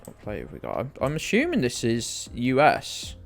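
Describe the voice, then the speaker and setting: Over faint background music, a young British man streams a game live, joking around with viewers, rambling, and swearing freely in relaxed chat. He's from the United Kingdom, and his gravelly mid-range voice swings hugely in pitch at a moderate pace.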